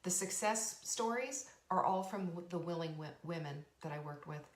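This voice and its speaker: A woman's voice: on the low side, normal speed, reverberant. A woman hosting a motivational talk as a coach, speaking emphatically and earnestly with lots of repetition. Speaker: podcast host and coach.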